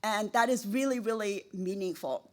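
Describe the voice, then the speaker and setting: A woman's voice: mid-range voice, normal speed. A middle-aged woman giving an emotional acceptance speech as an award-winning professor, effusive and repeating words for emphasis, laughing at herself.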